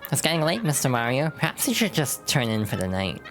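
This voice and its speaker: A woman's voice: a bass voice, very animated, brisk, soft background music. A woman voicing a dutiful male train conductor in a video game, formal and earnest.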